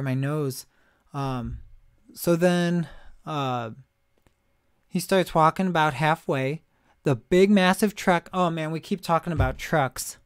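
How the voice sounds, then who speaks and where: A man vlogging, telling a long rambling story in an animated, ranting way with frequent asides. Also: on the high side, clean tone, dry recording, studio quality. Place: lives in Missouri.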